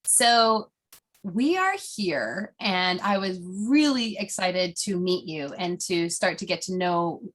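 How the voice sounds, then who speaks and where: A woman's voice: lowish voice, animated, takes it slowly. A middle-aged woman hosting an interview in a bubbly, chatty way, laughing often and rambling a little. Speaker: host. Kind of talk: casual interview chat.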